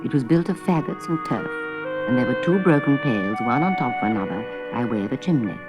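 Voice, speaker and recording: A woman narrating a children's story in poised, measured tones. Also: a bass voice, lively intonation, muffled recording. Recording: old record with loud orchestral music.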